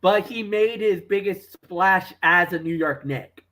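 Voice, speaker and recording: Sports talk co-host, casual chat, rambling storyteller, mid-pitched voice, gets loud when excited. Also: unhurried, poor audio. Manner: chatty, rambling with fillers and restarts.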